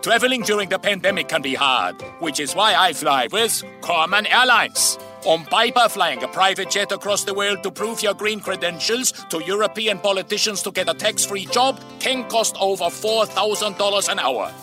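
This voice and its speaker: A man's voice: high voice, lively intonation, normal speed, pitched above the performer's own voice. A man doing a German-accented impression of a smug former finance minister in a mock airline ad. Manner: smug, salesman-like, soft R. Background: music.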